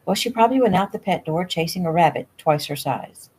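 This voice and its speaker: A woman's voice: on the low side, expressive, brisk, a little mellow, breathy edge. A woman reading the lines of a confident, slightly haughty young businesswoman, in a casual audiobook reading at home. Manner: plain read dialogue. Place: home room.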